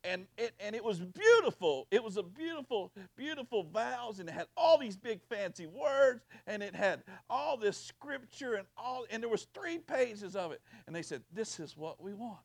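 A middle-aged man with a drawl preaches with a fairly high voice, swinging from loud, urgent passages to quiet, intimate ones. The sound is dry and close. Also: lively intonation, moderate pace, vocal fry, hardly any pauses, no echo. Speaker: pastor. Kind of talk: sermon. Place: church. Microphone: handheld or stand mic with sound operator.

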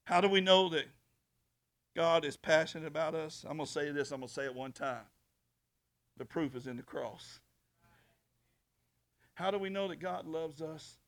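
A man preaching a sermon as pastor in a church, emphatic, swinging from soft talk to shouting. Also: a little high, moderate pace, pauses often.

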